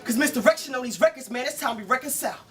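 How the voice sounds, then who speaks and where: A man's voice: very high-pitched, lively intonation, very fast, a bit bright. A man performing Christian battle rap live before an audience, with a rhythmic, preachy, punchline-driven delivery. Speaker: battle rapper.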